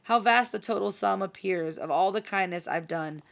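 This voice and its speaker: A woman reading rhymed poems aloud in a steady, rhythmic recital. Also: mid-range voice, moderate pace, vocal fry, dull audio. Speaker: reader.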